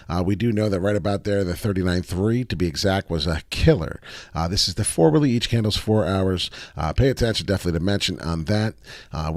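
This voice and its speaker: A fairly low-voiced man hosting a livestream, walking through trading charts in a loose, excitable way and swearing freely. The sound is dry and close, with almost no room echo. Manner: excitable, profane, reads chat aloud. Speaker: crypto livestream host. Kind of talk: casual livestream chart analysis.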